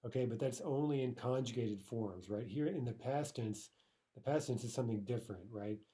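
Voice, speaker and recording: A man's voice: medium pitch, fairly quick, warm tone. A man teaching a language lesson, explaining patiently and often checking in with the listener. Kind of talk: recorded grammar lesson.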